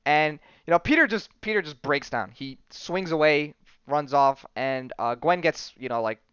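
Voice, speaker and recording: A man's voice: fairly high pitch, normal speed, fairly bright tone, clean tone, dry recording, lo-fi sound. Man rambling through a comic recap. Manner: rambling storytelling with many fillers, briefly acting out characters' lines. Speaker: podcast host. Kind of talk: casual comic book recap.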